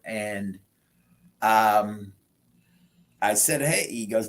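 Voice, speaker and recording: Slow, low-voiced man telling a story. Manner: animated storyteller, acts out quoted dialogue. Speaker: guest sharing transplant story. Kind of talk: storytelling interview.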